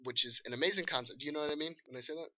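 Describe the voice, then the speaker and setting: A man casually reviewing a video game with a co-host, animated, laughing and swearing as he talks. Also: fairly high pitch, rapid-fire, muffled recording, slight background noise. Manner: animated, swearing, laughing, acts out enemy shouts.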